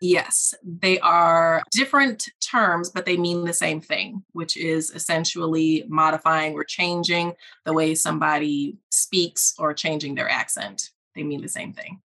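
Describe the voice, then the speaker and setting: A woman with a slightly low voice speaks as a guest on a professional podcast. She explains her field in a measured, deliberate way, choosing her words with care. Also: steady tone, pushed and bright. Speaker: guest speech-language pathologist. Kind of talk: podcast interview.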